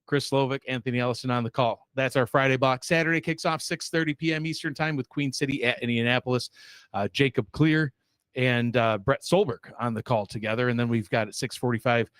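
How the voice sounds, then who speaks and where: A man's voice: medium pitch, steady tone, brisk, a bit bright, clear, resonant tone, no echo, clean studio sound. A man hosting a sports show in a loose, rambling way, full of fillers and self-deprecating asides. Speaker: show host. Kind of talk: casual sports show chat.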